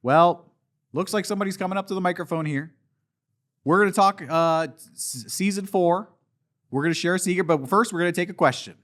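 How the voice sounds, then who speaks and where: A man's voice: high voice, a little fast, fairly bright tone, voice pushed down. A middle-aged man playing a cancelled, self-pitying voice actor who rambles and repeats himself in showman patter at a convention panel. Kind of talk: comedic character monologue at a panel.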